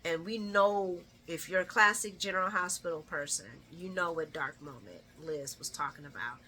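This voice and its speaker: Bright-voiced chatty woman recapping. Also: on the low side, moderate pace. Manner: chatty, animated, laughs often. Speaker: soap opera recap vlogger. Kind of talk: casual chat recapping an episode.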